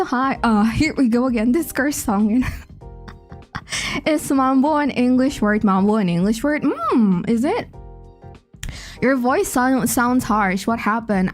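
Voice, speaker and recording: Chatty woman streamer, high voice. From Indonesia. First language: Indonesian. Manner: chatty, greets chat by name, giggly asides. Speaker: VTuber streamer. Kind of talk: casual livestream chat.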